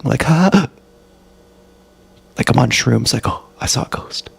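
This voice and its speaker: A man with a gravelly, creaky voice rambles through a personal story on a livestream. He swears freely, backtracks and corrects himself as he goes. His pitch sits in an ordinary middle range. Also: no echo. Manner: profane, tangled retelling with self-corrections. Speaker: live streamer. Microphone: action camera.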